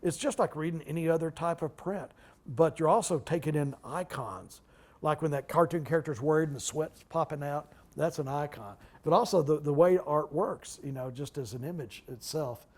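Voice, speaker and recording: A man in his sixties, a guest speaker, tells stories at a public talk in a halting way, full of restarts and asides. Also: a little high, a little mellow. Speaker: guest speaker, retired library director. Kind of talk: anecdotal storytelling at a public talk.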